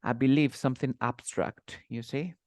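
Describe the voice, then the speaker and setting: A man's voice: mid-range voice, fairly even intonation, a little mellow, dry recording. Patient male English teacher, dry sound. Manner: patient, repeats words slowly for pronunciation. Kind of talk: conversational lesson, interview practice.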